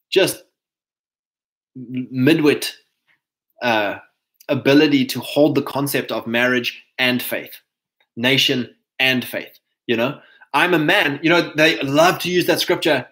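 A man with a South African accent, talking in a casual monologue, animated and mocking, breaking into put-on voices and laughs. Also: mid-range voice, takes it slowly, long pauses, rough recording. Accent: South African English.

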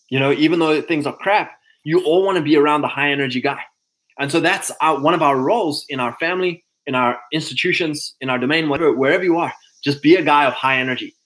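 A man's voice: mid-range voice, fairly even intonation, fast, fairly bright tone, rough recording. A man giving a casual motivational talk to other men, conversational, often repeating himself and acting out little quoted lines. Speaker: speaker addressing men.

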